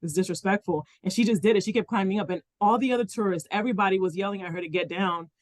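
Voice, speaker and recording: A woman's voice: mid-range voice, fast, no echo. A woman from the Dominican Republic co-hosting a casual podcast chat, rambling with many restarts and "like" fillers. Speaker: podcast co-host.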